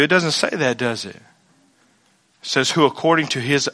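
A man preaching a sermon as pastor, animated, acting out quoted voices and swinging between loud outbursts and quiet asides. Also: a little high, normal speed.

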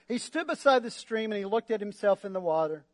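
A male pastor preaching a sermon in a lively, joking way, often asking the congregation for responses. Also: high voice, a little fast, no echo. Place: church.

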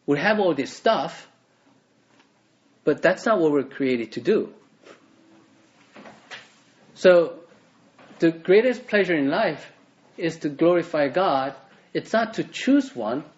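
A man delivers a sermon in an easygoing, conversational manner, peppered with fillers and restarts. His voice sits a bit high for a man. The recording is muffled and lo-fi. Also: darkish tone. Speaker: preacher.

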